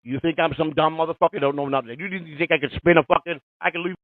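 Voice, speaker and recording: A man's voice: on the high side, fairly even intonation, quick pace, no echo. A man in his fifties hosting a live call-in radio show, ranting in a profane, heated, confrontational way. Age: 50s. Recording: tinny phone-like, dry sound.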